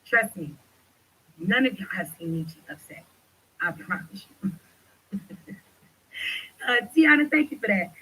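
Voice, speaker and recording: A woman hosting a livestream, talking loudly and passionately with lots of swearing as she rants and reads chat. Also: mid-range voice, very animated, a little slow, pauses often, breathy edge, rough recording. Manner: loud, passionate, profane ranting. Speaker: livestream host. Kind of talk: livestream commentary.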